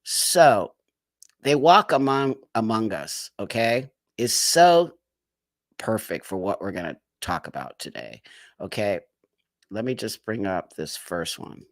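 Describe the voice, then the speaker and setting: A man's voice: fairly low pitch, expressive, slow, no room sound, clean studio sound. A man hosting a live stream, giving emphatic, indignant commentary with many rhetorical questions. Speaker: livestream host.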